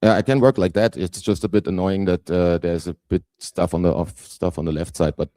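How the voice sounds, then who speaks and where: German guy giving a talk, low-ish mellow voice, lots of ums, dry sound. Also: steady tone, a little fast, dry recording. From southern Germany. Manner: hesitant, many fillers, self-deprecating. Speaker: guest speaker. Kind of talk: conference presentation.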